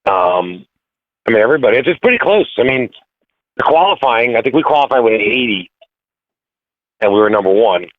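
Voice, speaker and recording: A man calling in as a guest racer, talking in halting, filler-heavy bursts over the phone. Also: medium pitch, expressive, no echo. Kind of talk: casual phone interview. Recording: tinny phone line, dry.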